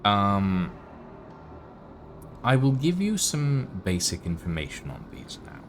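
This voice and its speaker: A man narrating a tabletop game as game master, relaxed, with frequent fillers. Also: fairly low pitch, takes it slowly, a little hiss or hum. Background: background music.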